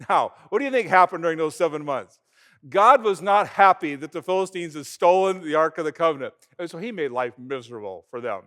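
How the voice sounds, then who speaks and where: Higher-voiced man preaching casually. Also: a little fast. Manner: animated storytelling, retelling events in everyday talk. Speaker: pastor. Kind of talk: conversational sermon.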